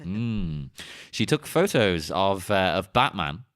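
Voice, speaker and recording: A man's voice: sits low, very animated, takes it slowly, fairly bright tone, no echo, studio quality. A man co-hosting a podcast, chatting casually and telling stories with short laughs. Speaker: podcast co-host. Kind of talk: casual chat.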